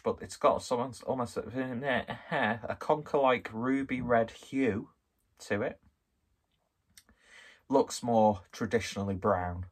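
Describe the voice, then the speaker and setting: Man, low voice, husky, casual rambling beer review, self-mocking jokes. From Skelmersdale, northwest England. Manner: rambling, self-deprecating, jokey.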